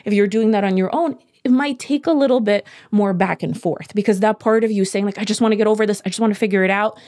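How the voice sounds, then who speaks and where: Woman guest coach, mid pitch, steady and emphatic, repeats key points. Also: fast talker. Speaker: podcast guest, healing coach. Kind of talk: explaining in conversation.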